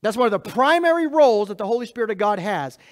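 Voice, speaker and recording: A man delivers a sermon as his church's pastor, speaking directly to the congregation with emphatic repetition and swings from loud to soft. His voice is high-pitched and animated at a quick pace, and he chuckles at himself.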